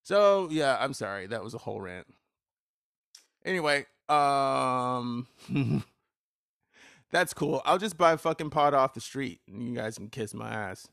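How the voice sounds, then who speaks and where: A man's voice: medium pitch, sing-song, fairly quick, creaky, hardly any pauses, fairly bright tone, no echo, studio quality. A man hosting a solo podcast. He talks bluntly, swears freely, and rambles with restarts and fillers. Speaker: podcast host.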